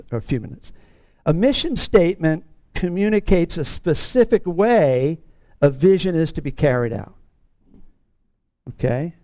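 A man's voice: a little high, mellow, dry recording. A man preaching a sermon as pastor of his church, teaching earnestly and repeating key phrases for emphasis.

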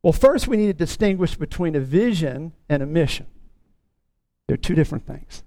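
A man's voice: on the high side, lively intonation, moderate pace, warm tone, no room sound. A man preaching a sermon as pastor of his church, teaching earnestly and repeating key phrases for emphasis.

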